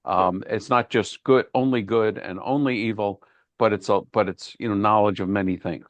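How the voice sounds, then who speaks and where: A man's voice: on the low side, fairly even intonation, moderate pace, dry recording. A man, a rabbi, leading an informal online Bible class, thinking aloud and often repeating words. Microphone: video call.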